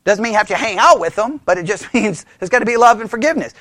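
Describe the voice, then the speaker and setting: A man gives an informal Bible study in a church, talking with emphatic energy and acting out voices as he goes. His voice sits very high and swoops widely in pitch. The sound is dry and close, with little room echo. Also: quick pace. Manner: animated, emphatic, acts out voices. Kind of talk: informal teaching sermon.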